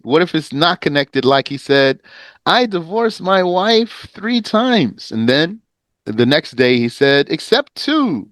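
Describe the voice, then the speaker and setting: A man teaching a lesson on a legal text, reading passages briskly, translating them slowly and quizzing his students in a conversational manner. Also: fairly high pitch, dry recording. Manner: lively, explanatory, conversational. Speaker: teacher of Islamic law.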